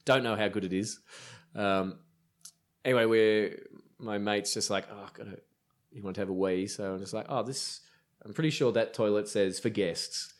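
A low-pitched man with an Australian accent tells travel stories as a guest on a casual podcast. His anecdotes wander, full of ums, restarts and little asides. He sounds relaxed and chatty. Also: normal speed. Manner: rambling, filler-heavy anecdotes. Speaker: brewer guest.

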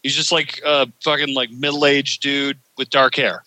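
A man's voice: mid-range voice, little pitch movement, a little slow, sharp tone, no room sound, rough recording. A man hosting a podcast, telling a rambling, profane story full of fillers in casual chat. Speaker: podcast host.

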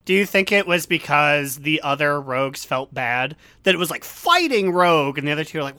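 Joking male co-host, higher voice, dry close mic. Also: expressive, fairly quick, bright, forceful tone, smooth, dry recording. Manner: joking, playful. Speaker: podcast co-host. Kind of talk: casual gaming chat.

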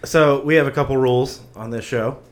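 A man with a middling voice, delivering the show's tongue-in-cheek rules in a dry, deadpan way. His tone stays casual, as if joking among friends. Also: mid-range voice, brisk. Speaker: podcast co-host. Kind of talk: casual chat.

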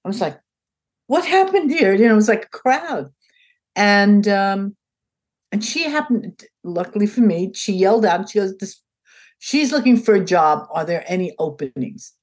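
Speaking at normal speed in a mid-range, slightly rough voice, an older woman being interviewed relates a story in a relaxed way. She animatedly performs the quoted dialogue, shifting voices for each character.

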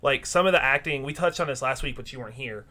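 A male podcast host talking casually with friends. His voice is bright and forceful, and he rambles, circling back with ums and restarts as he recaps. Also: mid-range voice, quick pace. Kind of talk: casual chat.

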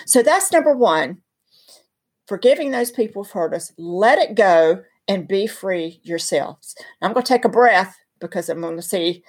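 A woman with a Southern drawl, her voice soft and breathy, speaks as a guest about faith. She tells stories and drives her points home with preacherly emphasis, at a middling pitch. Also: animated, unhurried. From North Carolina. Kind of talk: earnest faith teaching in conversation.

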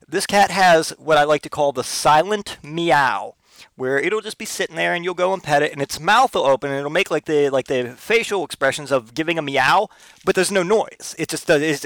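A man's voice: on the high side, animated, fairly quick, a bit bright, no echo. A man hosting a casual solo podcast, telling rambling, profane, comic stories. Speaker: podcast host.

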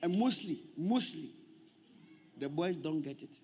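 A man preaching a sermon as pastor, emphatic and repetitive, at times shouting. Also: on the high side, lively intonation, measured pace, slight background noise.

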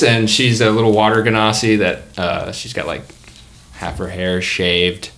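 A man's voice: lowish voice, moderate pace, fairly bright tone. A man narrating as game master in a tabletop game, casual and rambling.

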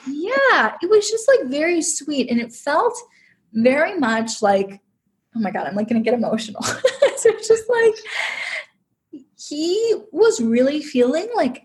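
Unhurried and sing-song, this high-voiced woman is a podcast guest relating a personal experience. She chats emotionally, filling her speech with "like."

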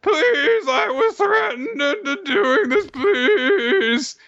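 A man voicing a cowardly, groveling male monster with a trunk, in a high, whiny, desperate pleading voice on a dull lo-fi recording. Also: lively intonation, drawn-out words, pushed and bright, heavily acted.

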